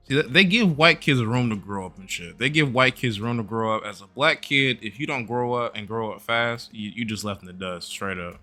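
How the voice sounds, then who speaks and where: A man's voice: mid-range voice, normal speed, sharp tone, soft background music. A man hosting a reaction video, commenting in a blunt, profane rant. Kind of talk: casual commentary.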